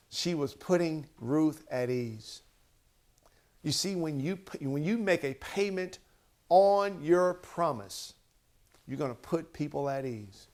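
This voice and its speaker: A man's voice: a little high, slow. A man giving a motivational, sermon-style talk, retelling a Bible story and acting out the quotes with emphatic bursts. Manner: animated, acts out quotes, rising to emphatic bursts; Bible storytelling with conversational asides. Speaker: speaker.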